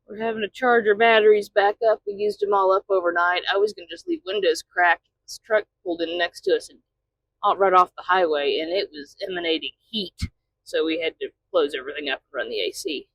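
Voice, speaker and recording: A woman's voice: lowish voice, fairly quick, low-quality recording. A woman truck driver chatting casually in a vlog from inside her truck cab, often talking to her cat.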